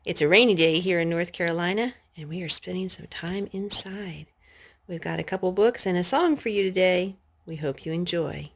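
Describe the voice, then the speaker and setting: A woman at home reading a picture book aloud to her child, in a gentle, animated storytelling manner. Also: fairly low pitch, moderate pace. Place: at home indoors.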